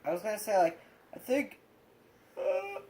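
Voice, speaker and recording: Slow, halting young man. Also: high-pitched, very animated, warm tone, low-quality recording. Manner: halting, searching for words, many restarts. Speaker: co-host sharing his experience with autism. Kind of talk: casual chat.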